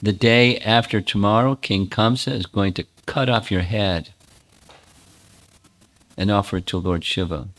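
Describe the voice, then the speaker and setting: A man speaking as a hesitant female attendant who gives bad news quietly, in a storytelling talk. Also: fairly low pitch, measured pace, pauses often. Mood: reluctant.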